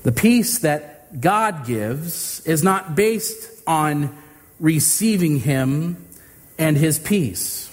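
Slow, earnest male preacher in a hall. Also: on the high side, lively intonation. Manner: earnest, drawn-out emphasis. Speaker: pastor. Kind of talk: sermon. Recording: reverberant hall with faint ambience.

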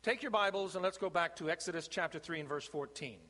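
A man's voice: on the high side, sharp tone. Emphatic preaching man in a reverberant church. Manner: slow, emphatic preaching with deliberate pauses. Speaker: pastor. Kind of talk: sermon. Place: church sanctuary. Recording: long reverb of a church sanctuary.

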